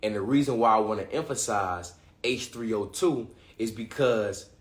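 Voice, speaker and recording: A man hosting a livestream, talking excitedly in casual slang, often restarting and repeating himself. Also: fairly low pitch, normal speed, roomy sound. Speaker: livestream host. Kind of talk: live-streamed talk to viewers.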